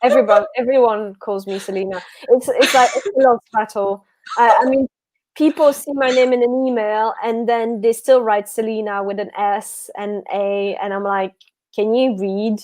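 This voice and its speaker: A woman from France with a French accent, guesting on a livestream, chatting in a lively, storytelling way with frequent restarts. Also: a little high, normal speed. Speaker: guest author. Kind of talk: casual chat on a livestream.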